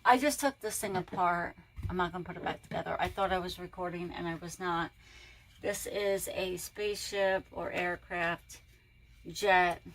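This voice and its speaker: A woman's voice: on the low side, moderate pace, low-quality recording. A woman reseller chatting casually and telling rambling stories while she packs orders. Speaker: reseller vlogger. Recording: loud background noise.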